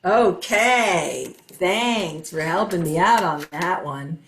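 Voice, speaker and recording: A woman's voice: lowish voice, expressive, takes it slowly, a bit bright. A woman hosting a children's story time, talking to young kids in a cheerful, coaxing, sing-song way. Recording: roomy echo.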